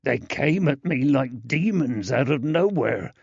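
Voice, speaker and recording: A male narrator voicing an injured, shaken constable who mutters quietly and apologetically in an audiobook. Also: medium pitch, expressive, a little slow, gravelly, breathy edge, no echo, muffled recording, pitched above the performer's own voice, exaggerated voice. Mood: apologetic.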